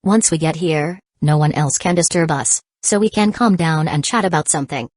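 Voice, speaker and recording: A woman voicing a calm, confident teenage boy in a storybook reading, with a smooth, even delivery. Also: low voice, normal speed, dry recording. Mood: calm teasing.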